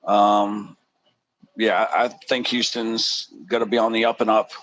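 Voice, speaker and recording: A man's voice: fairly low pitch, little pitch movement, unhurried, fairly bright tone, no echo, poor audio. A man co-commenting a football game in casual chat, telling stories in a rambling, laid-back way.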